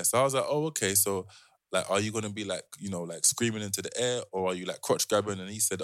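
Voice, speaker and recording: London co-host, fast and animated, low-pitched, dry close mic. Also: male voice, dry recording. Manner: animated, mimics others. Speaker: podcast co-host. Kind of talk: casual storytelling.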